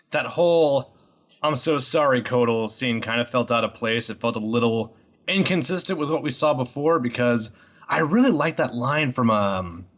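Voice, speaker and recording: A man's voice: a little high, fairly bright tone. A man co-hosting a casual podcast chat, musing aloud and stammering as he works through his thoughts. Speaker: podcast co-host.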